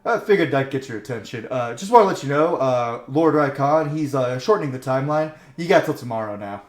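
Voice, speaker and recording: Cocky villainous dragon knight, put on by a male game master, bright and sneering, echoey room. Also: medium pitch, lively intonation, brisk, natural voice. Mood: taunting. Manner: mocking, swaggering. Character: cocky taunting male dragon-rider commander.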